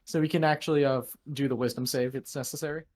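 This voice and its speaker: A man's voice: mid-range voice, fairly even intonation, rapid-fire, darkish tone. A man running a tabletop game as game master, narrating with many fillers and restarts.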